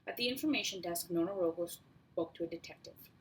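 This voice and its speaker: A woman reads a first-person story in a steady, measured way. Her voice sits on the low side, and a faint hiss runs under the recording. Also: poor audio. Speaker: audiobook reader. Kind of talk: first-person audiobook narration.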